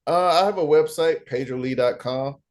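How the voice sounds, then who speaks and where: A man's voice: fairly high pitch, normal speed, darkish tone. A man who does improv comedy, self-deprecating and joking as a guest in a video call interview. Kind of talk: casual interview chat.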